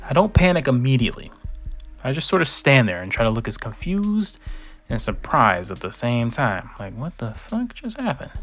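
A man's voice: medium pitch, gravelly, fairly bright tone. A young man telling a first-person story in a casual, conversational way, acting out quoted lines.

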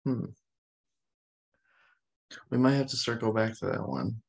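A man's voice: lowish voice, sing-song, a little slow, vocal fry. A man who is a guest on a podcast, giving short, laid-back replies in casual chat.

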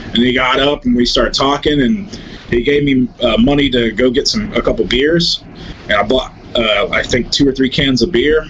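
A man's voice: medium pitch, normal speed. Brief: American man, guest, rambling and cursing freely as he tells the story, dull lo-fi audio with faint hiss. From United States. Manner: animated, profane, rambling storyteller. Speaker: guest, pro wrestler and rapper. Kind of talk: casual storytelling.

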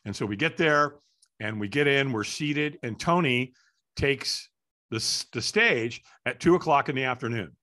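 Middle-aged guy telling a story in an interview, bright tense voice, does little voices for people. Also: mid-range voice, moderate pace. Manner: animated, acts out voices in his story. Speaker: interview guest. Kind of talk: storytelling in conversation.

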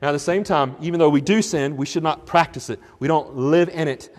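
A man's voice: fairly high pitch, fairly quick, in a large hall. A man preaching a sermon, emphatic and questioning, with frequent restarts.

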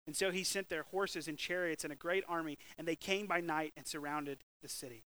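A man preaching a sermon with lively swings between loud, emphatic bursts and hushed, slow scripture reading. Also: high voice, smooth, no echo, rough recording. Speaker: pastor.

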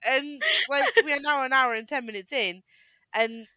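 A woman's voice: sits high, pushed and bright, no room sound. A young woman, co-hosting a casual podcast chat on a headset mic, laughing often and restarting her sentences. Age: young adult. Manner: giggly, talks in quick bursts with restarts. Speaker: podcast co-host.

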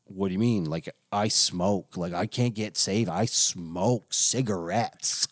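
A man acts out a troubled man who confesses to his pastor. He speaks slowly and haltingly, in a sheepish way, with a somewhat lowered voice. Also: no echo, studio quality.

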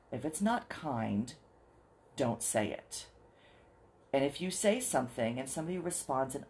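A podcast host talking straight to listeners in an earnest, encouraging way, slowing down to spell things out. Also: medium pitch, darkish tone, slight background noise. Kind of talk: solo podcast talk to listeners.

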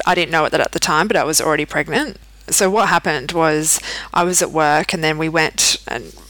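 A woman's voice: sits low, fairly bright tone, dry recording, poor audio. A woman, hosting a podcast and candidly telling her own story, often restarting her sentences. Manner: candid, frequent restarts and fillers. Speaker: podcast host. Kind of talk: personal storytelling.

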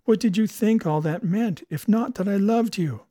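A man's voice: sits high, normal speed, dark tone, no room sound, clean studio sound, pitched above the performer's own voice, lightly acted. A man reading a story voices an aging former actress who pleads emotionally, her voice rising. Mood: pleading. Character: stage-weary older actress, tearful, pleading woman.

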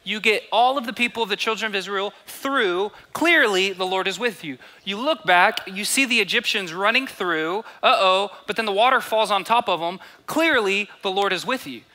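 A man's voice: high-pitched, moderate pace, few pauses, pushed and bright. A young man preaching a sermon, reading scripture aloud and acting out quoted voices, repeating phrases for emphasis. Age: 20s to 30s. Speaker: pastor.

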